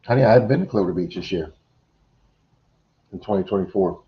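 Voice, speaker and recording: A man's voice: low-pitched, quick pace. A man hosting a live stream, telling a long story casually with many "uh"s and restarts. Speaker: livestream host. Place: home computer setup. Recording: dull lo-fi stream audio.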